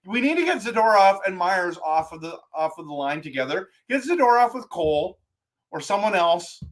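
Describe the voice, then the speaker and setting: A man hosting a live stream as a hockey fan, talking in an excitable, ranting way with frequent restarts. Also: high-pitched, moderate pace.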